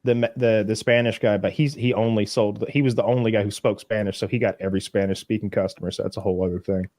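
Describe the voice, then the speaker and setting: A man's voice: lowish voice, fairly even intonation, fast, a little mellow, no echo, clean studio sound. A man co-hosting a casual podcast chat, telling a rambling story with frequent restarts and laughter. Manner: rambling, restarts a lot, laughs at own stories. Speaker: podcast co-host.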